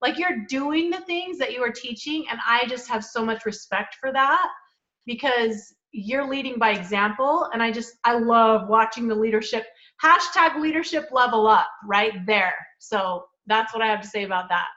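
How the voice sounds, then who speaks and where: A woman's voice: fairly high pitch, normal speed, sharp tone. A woman on a team video call speaking with enthusiastic, heartfelt praise. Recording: dull video call audio.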